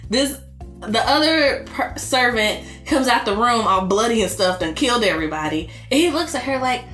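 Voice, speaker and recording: A woman co-hosting a casual anime chat, animated and acting out scenes as she talks. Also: fairly high pitch, normal speed. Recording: roomy echo, faint music.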